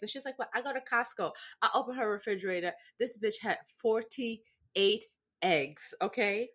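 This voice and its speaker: A young adult woman co-hosting a podcast, telling stories in a lively, profane, casual way and often asking "right?". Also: on the high side, moderate pace. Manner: animated, profane storytelling with lots of "right?". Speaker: podcast co-host. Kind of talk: casual chat.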